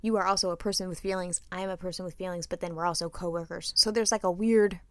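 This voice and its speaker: A woman co-hosting a podcast, telling a story in a lively way, acting out quotes and laughing often. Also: fairly low pitch, fast talker, no echo. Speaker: podcast co-host. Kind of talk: casual storytelling chat.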